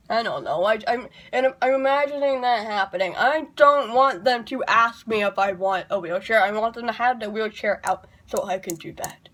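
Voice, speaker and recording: A woman's voice: a little high, normal speed, few pauses, a bit bright. A woman talking to camera in a casual vlog monologue, chatty and wry, rambling off into asides. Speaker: YouTuber.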